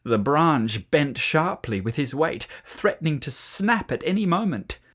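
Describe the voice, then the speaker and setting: A storyteller reading a children's story aloud in an expressive, animated way. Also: mid-range voice, unhurried.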